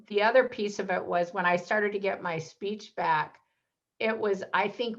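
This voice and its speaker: Speaking in a voice on the low side, this woman guest shares personal stories in a casual interview, animatedly imitating the people she quotes. The recording has its highs cut off.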